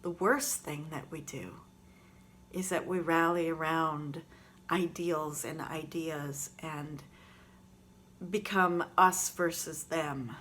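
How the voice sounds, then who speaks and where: A woman's voice: low voice, fairly bright tone, slight background noise. A woman talking earnestly and reflectively straight to her viewers in a gratitude vlog, recorded on her phone camera. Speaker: vlogger.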